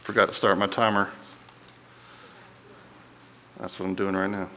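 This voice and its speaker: A man's voice: deep voice, unhurried, slight background noise, low-quality recording. A man teaching a Bible study in a casual, conversational way, often checking in with his listeners and lifting his voice to stress a point. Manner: animated, voice lifts when stressing a point.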